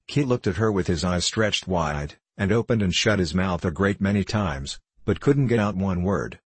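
A man reading a classic novel aloud as an audiobook narrator, in a steady, measured way. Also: low-pitched, slightly rough, dry recording. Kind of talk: scripted narration.

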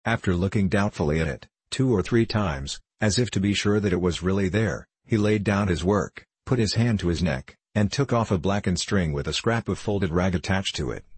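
A man narrating a classic novel in a measured, solemn storytelling manner. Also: sits low, husky, no room sound. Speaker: audiobook narrator. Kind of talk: scripted narration.

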